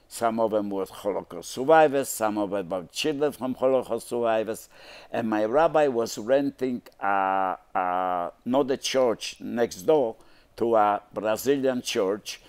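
A man's voice: on the low side, a little mellow. A man in his nineties telling his life story in a TV studio interview, with broken grammar, acting out the dialogue as he goes. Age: 90s. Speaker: interview guest.

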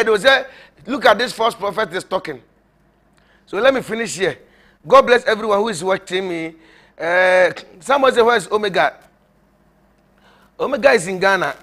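Male prophet, high voice, informal sermon, mocking, laughing, repetitive. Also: a bit bright. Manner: repetitive, rambling.

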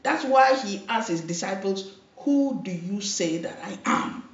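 Slow, earnest woman preaching from afar. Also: mid-range voice, expressive. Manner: emphatic preaching with repeated phrases and calls for amen. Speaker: pastor. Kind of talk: sermon. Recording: roomy, distant, dull lo-fi hall recording.

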